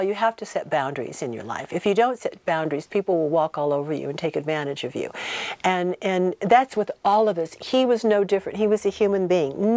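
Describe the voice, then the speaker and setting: A woman in her sixties, a guest in an interview, telling animated and emphatic stories and acting out the people she quotes. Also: on the low side, no room sound. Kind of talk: anecdotal interview storytelling.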